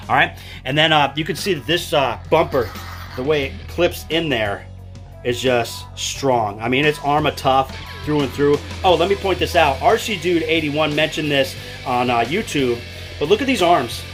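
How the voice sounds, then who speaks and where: Upbeat guy, fairly high voice, chatty hobby reviewer, music bed under him. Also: moderate pace, fairly bright tone. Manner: enthusiastic, chatty, many fillers. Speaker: RC product reviewer. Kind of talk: casual product walkthrough.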